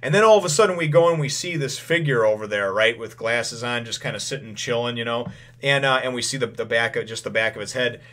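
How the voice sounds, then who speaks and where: A man's voice: medium pitch, fairly quick, sharp tone. A man hosting his own channel, casually retelling a comic chapter, rambling with lots of "you know" fillers and the odd chuckle. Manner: chuckles now and then. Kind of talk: casual chat recap.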